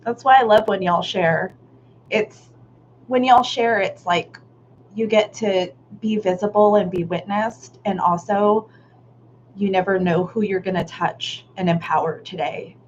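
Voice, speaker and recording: A woman's voice: medium pitch, measured pace. Affirming woman leading a live art workshop. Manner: warm, affirming, casual with Southern "y'all"; laughs often, candid with occasional swearing. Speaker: workshop facilitator. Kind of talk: live online art workshop, reading chat comments. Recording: slightly dull live-stream audio with faint noise.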